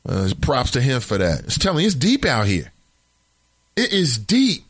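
A man's voice: medium pitch, wildly swooping pitch, normal speed, slightly rough, no room sound. A man hosting a morning radio talk show, giving rambling, opinionated commentary from a studio mic.

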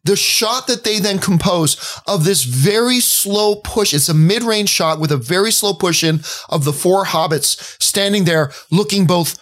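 A man's voice: sits high, unhurried, few pauses, fairly bright tone. Emotional, enthusiastic man telling a story. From Canada. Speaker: podcast co-host. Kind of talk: casual movie podcast chat.

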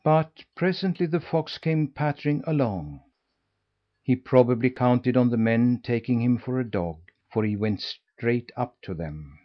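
A man reads a storybook aloud in a steady, measured way, his voice in the middle of the male range. The recording sounds dull and lo-fi. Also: mid-range voice. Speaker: audiobook narrator. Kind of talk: scripted storybook narration.

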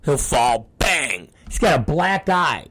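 A middle-aged man telling a story as a wrestling promoter on a talk show. He rants with profanity and breaks into shouting. His voice rises and falls sharply, and he keeps an unhurried pace. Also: a little high, sing-song. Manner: profane, ranting, bursts into shouting. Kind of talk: ranting podcast talk.

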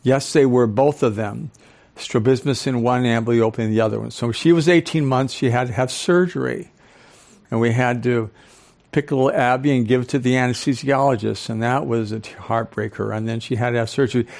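An older man lecturing to a live audience in a club hall. His delivery is animated, and he keeps pausing to throw questions at the crowd. His voice sits at an ordinary middle pitch. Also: creaky. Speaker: speaker and professor.

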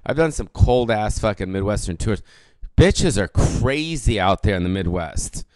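Fifty-ish guy ranting solo on his podcast, swears a ton, keeps doubling back, smooth dry voice. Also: on the low side, lively intonation, normal speed, a little mellow, no echo. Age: about 50. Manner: rambling, profane, self-correcting. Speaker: comedian and podcast host. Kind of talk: casual solo podcast rant.

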